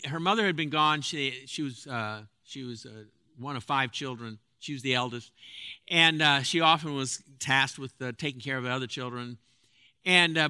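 A man giving a spoken lecture as a counselor, earnest and halting, with frequent restarts and fillers. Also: fairly high pitch, pushed and bright, dry recording, studio quality.

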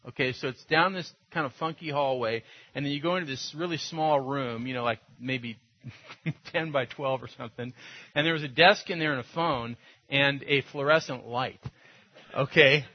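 A man's voice: medium pitch, moderate pace. A man, a pastor preaching a sermon in a loose, conversational storytelling way, with frequent laughs and filler. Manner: conversational, anecdotal, laughs often. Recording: dull lo-fi sound.

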